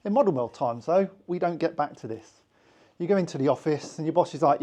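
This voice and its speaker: A man's voice: a little high, brisk, dark tone. A man with a British accent teaching hypnosis to a small group in a chatty, informal way, acting out little voices in his examples. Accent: British English. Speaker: hypnosis instructor.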